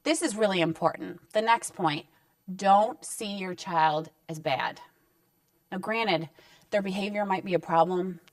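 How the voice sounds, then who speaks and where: A woman's voice: medium pitch, unhurried, dry recording, far from the mic. A woman counselor giving parenting advice straight to camera in a conversational, reassuring way, sometimes acting out short parent-child exchanges. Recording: dry sound with the mic set back.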